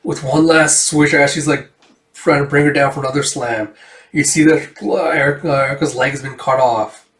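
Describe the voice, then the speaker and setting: A man's voice: a little high, steady tone, moderate pace, fairly bright tone. A man in a casual, rambling read-through of a comic, retelling the panels with many fillers. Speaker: comic reviewer. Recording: roomy echo, distant mic.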